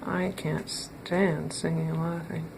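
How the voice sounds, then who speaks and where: Woman doing a gruff grumbling man. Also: low voice, little pitch movement, takes it slowly, very noisy, exaggerated voice. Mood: grumpy. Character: grumpy grumbling middle-aged man.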